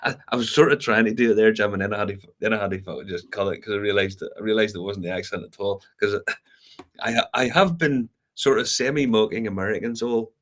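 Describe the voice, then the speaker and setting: Laughing man with a low voice. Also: fast talker, a bit bright. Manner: laughing storyteller, swears freely. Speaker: podcast co-host. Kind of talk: casual chat.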